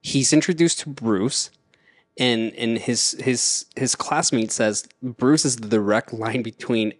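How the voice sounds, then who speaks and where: A man's voice: medium pitch, takes it slowly, no echo, clean studio sound. A man co-hosting a casual podcast chat, rambling and repeating words as he talks. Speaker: podcast co-host.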